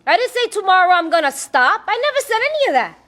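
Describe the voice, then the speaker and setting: A woman's voice: very high voice, sing-song, fast talker, a bit bright. A woman giving a blunt, streetwise personal testimony to a recovery meeting, laughing often as she talks.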